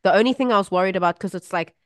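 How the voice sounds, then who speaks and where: A woman co-hosting a casual chat and telling an animated family anecdote with frequent laughter. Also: mid-range voice, very fast, no echo, studio quality. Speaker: podcast co-host.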